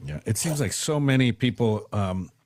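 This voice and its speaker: A man's voice: medium pitch, lively intonation, normal speed, darkish tone, slight background noise. A man hosting a casual interview, reflective and searching for his words, often restarting sentences. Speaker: podcast host.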